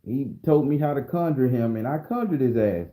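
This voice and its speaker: Southern guy ranting a story, dark mellow voice, echoey room, cusses a lot. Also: mid-range voice, moderate pace. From southern Florida. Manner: blunt, profane, animated. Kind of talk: casual spoken storytelling.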